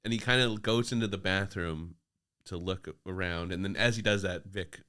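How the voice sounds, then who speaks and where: A man with a low voice talks through scenes from a film with his co-host. He is relaxed and casual, laughs a lot, and swears now and then. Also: normal speed. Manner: laid-back, laughs often, retells scenes. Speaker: podcast co-host. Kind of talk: casual movie discussion.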